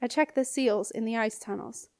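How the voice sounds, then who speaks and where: A nervous but dutiful young clerk speaks in a businesslike, matter-of-fact way, as a woman reader puts him on. The voice is a bit high and the recording is close and dry. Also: normal speed, a little mellow, dry recording, natural voice.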